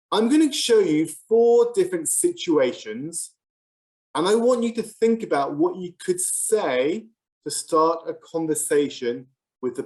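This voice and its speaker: A teacher presenting a scripted English lesson, speaking slowly and clearly and modelling example phrases for learners. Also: mid-range voice, a little mellow.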